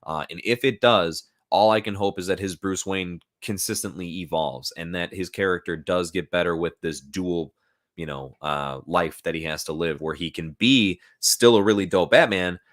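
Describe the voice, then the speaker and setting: A man with a very low voice talks loosely and at length on a casual live stream, swearing now and then. He reads out chat comments and answers them. He is recorded at home through a new streaming microphone. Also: moderate pace, a bit bright. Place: at home, in front of a laptop.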